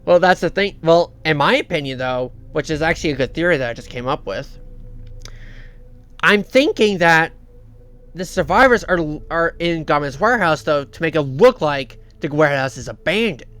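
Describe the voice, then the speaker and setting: Bright-voiced man halting through a reaction vlog. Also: a little high, expressive, clear, resonant tone. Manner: halting, repeats himself and restarts. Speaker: reaction video host.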